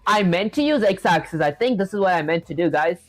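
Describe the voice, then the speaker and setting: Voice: mid-range voice, expressive, fairly quick, soft background music. A live-streaming programmer talking casually while coding. The streamer often calls the viewers "guys" and laughs off their own small mistakes. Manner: chatty, filler-heavy, self-deprecating, addresses chat as "guys".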